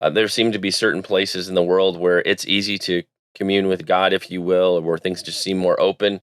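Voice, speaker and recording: A man's voice: low voice, flat delivery, normal speed, clear, resonant tone. A man hosting a podcast, asking a long, thoughtful question in a searching way. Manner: thoughtful, searching phrasing with restarts. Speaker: podcast host. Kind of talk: interview question.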